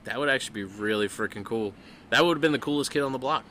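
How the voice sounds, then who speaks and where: A young man with a bright, forceful voice cracks dry, teasing jokes in a casual podcast chat. Faint noise hums under the recording. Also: mid-range voice, quick pace. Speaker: podcast co-host.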